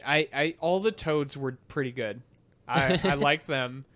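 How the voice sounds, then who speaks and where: A man co-hosting a casual movie podcast, giving his opinions steadily with frequent pauses and filler sounds. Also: fairly high pitch. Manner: steady, hesitant, lots of ums and uhs. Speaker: podcast co-host. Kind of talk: casual film review chat.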